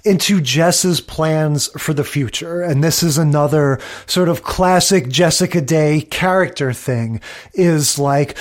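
A man co-hosting a podcast, calmly picking apart a TV episode in casual chat. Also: on the high side, measured pace. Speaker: podcast co-host.

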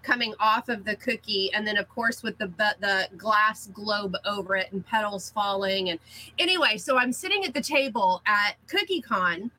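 A middle-aged woman, a cookie artist, chatting as a guest and telling lively anecdotes with frequent laughs. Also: mid-range voice, normal speed, low-quality recording. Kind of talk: casual interview storytelling.

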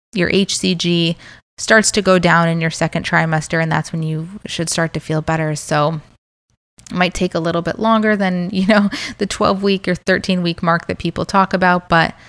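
Young female podcast host, lowish voice, candid chatty delivery with lots of fillers. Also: no echo. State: pregnant. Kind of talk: casual chat.

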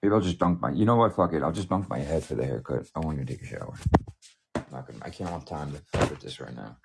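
A man's voice: a bass voice, quick pace, creaky, noisy background. A man chatting casually in a group voice call, rambling and swearing freely.

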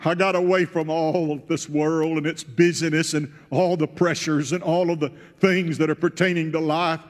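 A pastor preaching a sermon, retelling a scripture story in first person and swelling to loud, emotional peaks. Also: male voice, fairly high pitch, level tone, moderate pace. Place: church sanctuary. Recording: church hall with long reverb.

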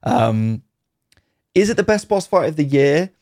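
A man's voice: a little high, big pitch swings, measured pace, darkish tone, no echo, clean studio sound. A man co-hosting a casual podcast chat, talking in a rambling, enthusiastic way about games with frequent ums. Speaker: podcast co-host.

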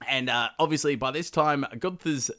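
A man's voice: mid-range voice, moderate pace, pushed and bright. A man hosting a podcast, retelling a medieval epic in a casual, profane, slangy way with laughing asides. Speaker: podcast host.

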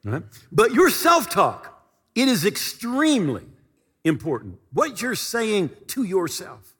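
A man's voice: high-pitched, wildly swooping pitch, a little slow, a bit bright, husky, long reverb tail. A male pastor preaching a sermon with fervent, emphatic delivery and repeated phrases.

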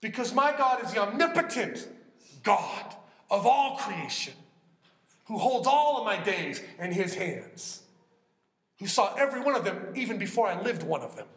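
A man preaching a sermon in an earnest, conversational way, often dropping to a hushed voice for emphasis. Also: high-pitched, animated, normal speed, roomy sound.

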